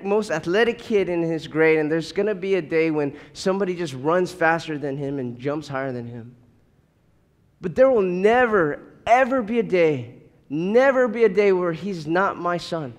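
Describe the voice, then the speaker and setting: Preaching a sermon, this thirties-aged pastor sounds earnest and pressing, his high voice bright at the edges, and he tends to repeat words while building to a point. The audio rings with a long reverb, like a big hall.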